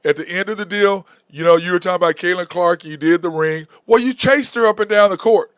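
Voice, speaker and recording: A man's voice: high-pitched, a little fast, clear, resonant tone, dry recording, clean studio sound. A man hosting a sports talk show, talking bluntly and with animation in casual sports chat. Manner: blunt, animated, says "okay?" and "bro" a lot.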